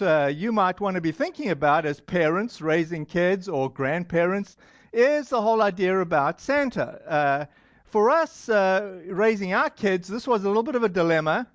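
A man with a high, expressive voice and a non-American accent preaches to a congregation at a measured pace. His sermon rambles loosely, full of fillers and restarts, and the dry recording sounds dull and lo-fi.

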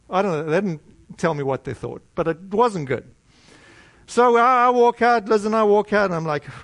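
A middle-aged American man preaching a sermon, telling a personal story in a conversational, animated way with many restarts. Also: high voice, moderate pace, no room sound.

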